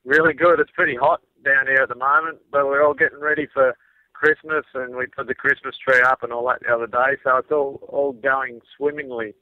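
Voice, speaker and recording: A man's voice: mid-range voice, fairly even intonation, brisk, no room sound. An Australian man calling in to a show, chatting in a laid-back, easygoing way. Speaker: caller. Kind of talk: casual phone chat. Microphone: phone. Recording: phone line.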